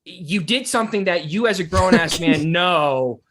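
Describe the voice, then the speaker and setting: A man's voice: high-pitched, animated, a little slow, fairly bright tone. A man co-hosting a podcast in casual chat, blunt and stammering with repeated restarts. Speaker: podcast co-host.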